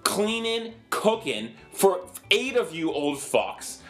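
A man voicing a fed-up, furious mother with a shrill, screeching rant. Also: big pitch swings, takes it slowly, a bit bright, faint music behind, full character voice.

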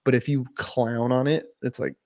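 A man's voice: mid-range voice, steady tone, moderate pace, vocal fry, a little mellow, dry recording, clean studio sound. A man co-hosting a casual podcast, telling loose profane stories full of "bro" and "like". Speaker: podcast co-host. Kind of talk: casual chat.

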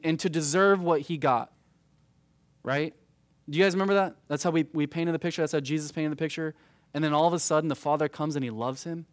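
A man's voice: a little high, no echo. A man in his thirties teaching a youth group verse by verse through a Bible passage, conversational and peppered with "right?" asides. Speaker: youth pastor.

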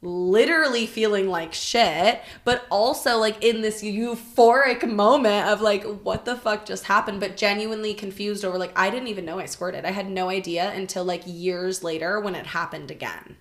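A woman on a podcast tells an unguarded personal story in a casual, animated chat full of swearing and "like" fillers. She keeps a medium pitch and moderate pace, barely pausing at all.

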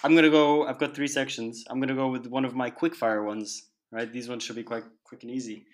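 A man's voice: medium pitch, steady tone, fairly quick. A man co-hosting a podcast, chatting cheerfully and cracking jokes. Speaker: podcast co-host. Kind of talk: casual podcast banter.

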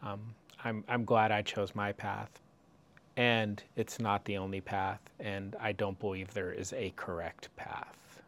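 A man in a meditation group who speaks hesitantly, with frequent ums and restarts, before slowly reading a poem aloud. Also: on the low side, little pitch movement, fairly bright tone.

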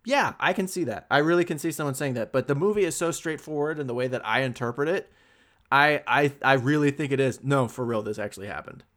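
A man's voice: a little high, a little fast, a bit bright. A young man co-hosting a casual film podcast, hesitant and restarting his sentences, with a teasing streak. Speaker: podcast co-host.

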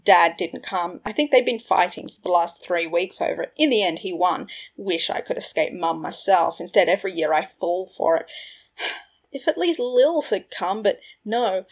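A woman's voice: fairly low pitch, moderate pace, vocal fry, husky, heavily acted. A woman reading a fan fiction audiobook, voicing a mischievous young prankster wizard who rants in exasperation. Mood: exasperated. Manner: animated, exasperated ranting. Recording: dull lo-fi recording.

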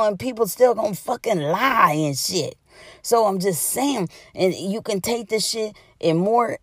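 A woman's voice: mid-range voice, a little mellow, no room sound, studio quality. A woman hosting a comedy-therapy podcast, delivering a profane, emphatic rant full of repetition. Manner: heavy cursing, emphatic and repetitive. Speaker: podcast host.

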